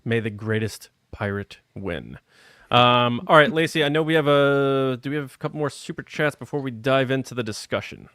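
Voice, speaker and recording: A man's voice: medium pitch, moderate pace, fairly bright tone, no echo, studio quality. A man hosting a fan aftershow, reading listener comments and running a trivia segment in a casual, upbeat way. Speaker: podcast host.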